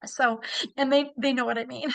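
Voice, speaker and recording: A high-pitched woman, a bereaved mother, answering a medium on a video call. She speaks haltingly and softly. The sound is dry, with no room around it. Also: fairly even intonation, vocal fry, dry recording, poor audio. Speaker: bereaved parent, group member. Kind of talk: casual talk in a reading.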